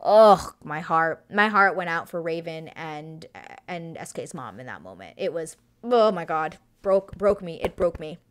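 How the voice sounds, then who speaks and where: A woman's voice: low voice, animated, measured pace, fairly bright tone. A woman hosting a casual TV recap, chatty and gushing, with plenty of fillers. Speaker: show recap host.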